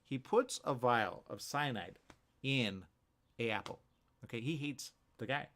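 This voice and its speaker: A man hosting a radio morning show, talking casually in a rambling, animated way full of restarts and asides. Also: medium pitch, unhurried. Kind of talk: casual talk show monologue.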